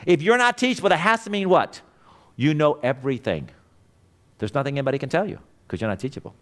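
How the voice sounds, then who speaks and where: Middle-aged male instructor, blunt and emphatic, lively pitch swings, lecturing a class. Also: fast talker. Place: classroom with students.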